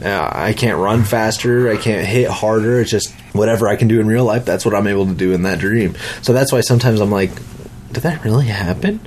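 A man's voice: fairly low pitch, fairly quick, few pauses, a little hiss or hum. A young man casually recounting a vivid dream, rambling and swearing as he goes. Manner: rambling, swearing, lively retelling with restarts. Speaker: dad telling a dream. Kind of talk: casual storytelling.

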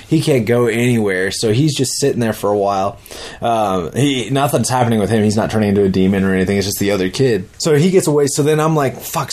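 Man, casual storyteller, mid pitch, animated and profane. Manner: animated, rambling, profane, acts out quotes.

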